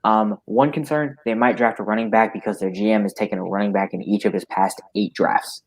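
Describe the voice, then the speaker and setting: A man co-hosting a casual livestream chat, talking in a measured, analytical way. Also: fairly low pitch, steady tone. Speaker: co-host.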